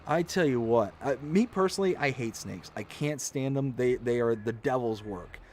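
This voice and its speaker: A livestream host chats casually while gaming, telling funny stories as an animated storyteller and acting out his own shrieks. His voice is medium-pitched at normal speed, with slight background noise.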